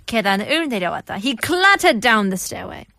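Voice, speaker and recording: A female co-host of a Korean language show, giggly and teasing as she explains words. Her voice sits a little high. The sound is dry and close. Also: big pitch swings, rapid-fire, creaky, pushed and bright, no room sound. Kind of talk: playful language lesson chat.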